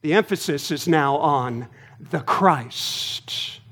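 A male pastor preaching a sermon to his congregation in a deliberate, emphatic way, pausing and stressing his words. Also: sits high, animated. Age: adult, married.

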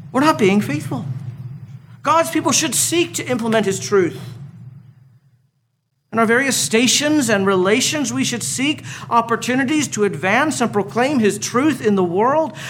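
A man's voice: very high voice, expressive, normal speed, fairly bright tone, slight background noise. A man preaching a sermon as a pastor, earnest, with storytelling asides.

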